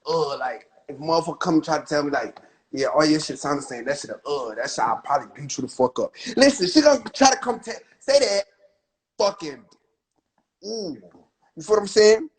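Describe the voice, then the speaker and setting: A man's voice: fairly high pitch, expressive, fairly quick, poor audio. A young man venting on a phone livestream, rambling, swearing and trailing off mid-thought. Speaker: rapper on livestream. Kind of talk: livestream rant.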